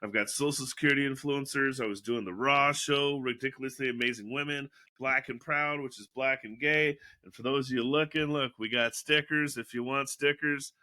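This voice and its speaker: A man's voice: medium pitch, normal speed, hardly any pauses. A man guest on a casual podcast, telling stories with lots of swearing, acting out quotes and laughing as he talks. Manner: animated, profane storyteller acting out quotes; laughs often mid-sentence.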